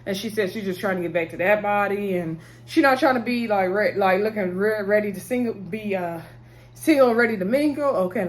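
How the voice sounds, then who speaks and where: A woman, chatting casually as she recaps a TV episode, rambling and laughing often. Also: medium pitch. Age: 30s. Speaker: TV show reviewer.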